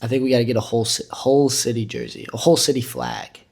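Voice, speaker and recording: A man of middle pitch telling stories in a loose, joking way, swearing freely as he rambles. He talks like a podcast co-host chatting with a friend. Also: fairly even intonation, fast talker, vocal fry, darkish tone. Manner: rambling, profane, joking storyteller. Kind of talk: casual chat.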